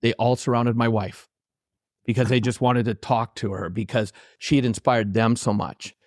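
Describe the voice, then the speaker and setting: A man's voice: mid-range voice, steady tone, moderate pace, no room sound, clean studio sound. A man guest on an interview podcast, telling heartfelt personal stories and acting out the lines of the people in them. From Canada. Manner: heartfelt, anecdotal, quotes his own dialogue. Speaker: author and trainer, guest.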